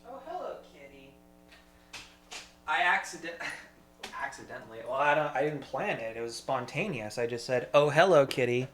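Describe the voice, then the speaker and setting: A man's voice: medium pitch, sing-song, normal speed, long pauses, noisy background. A man in a rambling solo monologue, swearing freely and talking to himself. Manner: profane, meandering, talks to himself.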